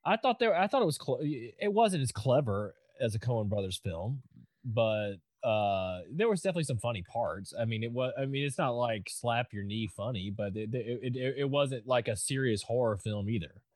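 A man's voice: mid-range voice, animated, moderate pace, a little mellow, dry recording, studio quality. A man on a casual movie review podcast who talks in a rambling, hesitant way and mimics lines from the film. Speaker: podcast co-host.

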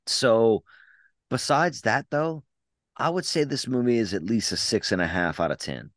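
A man's voice: mid-range voice, expressive, normal speed, a bit bright, dry recording, studio quality. A man co-hosting a casual podcast, reviewing horror movies in a blunt, rambling way with frequent restarts. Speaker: podcast co-host.

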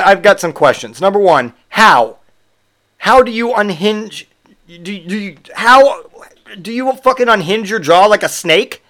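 A man with a notably high voice hosts a podcast in a mocking, foul-mouthed rant. His delivery is sarcastic and full of jokes at others' expense. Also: fairly bright tone. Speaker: podcast host. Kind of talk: comedic monologue rant.

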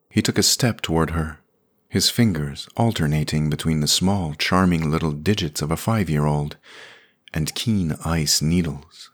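A man narrating a scripted audio story in a measured, plain manner. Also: very deep voice.

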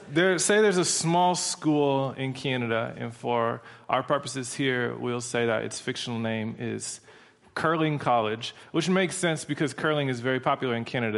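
A man preaching a sermon in a humorous, conversational storytelling manner. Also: mid-range voice.

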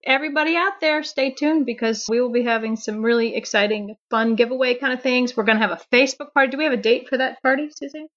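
A woman's voice: a little high, fast talker, hardly any pauses, fairly bright tone. Upbeat woman podcast co-host, muffled. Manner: upbeat, chatty, laughs easily. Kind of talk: casual podcast chat. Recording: dull lo-fi audio.

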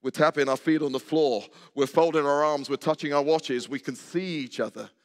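A man's voice: on the high side, moderate pace. Older man preaching in a reverberant church. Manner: conversational, asks the congregation questions and jokes. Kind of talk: sermon. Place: church sanctuary. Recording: long hall reverb.

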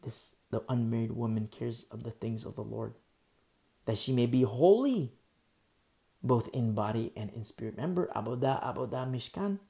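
Gravelly-voiced man preaching a sermon. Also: mid-range voice, normal speed, dark tone. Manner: teaching verse by verse, repeating key phrases for emphasis; asks the listeners rhetorical questions. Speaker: pastor.

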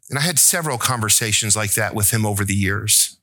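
A man's voice: fairly quick, pushed and bright, no room sound. A man preaching a sermon as pastor, asking the congregation questions, joking and rising to emphatic, pleading peaks. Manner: asks the congregation questions and tells jokes; rises to an emphatic, pleading pitch.

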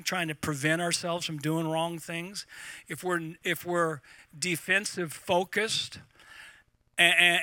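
A middle-aged man preaching to a live congregation, animated and repeating words as he talks. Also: a little high, no room sound. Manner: animated, repeats words, laughs at own points. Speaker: pastor.

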